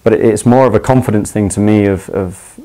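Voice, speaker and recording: A young man from London talks in a low, mellow voice with a clear London accent. He explains slang in a loose, chatty way, stumbling over restarts and fillers and laughing easily as he goes. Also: a little fast, low-quality recording. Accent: London English. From England. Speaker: footballer. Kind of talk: casual explanation of slang to camera.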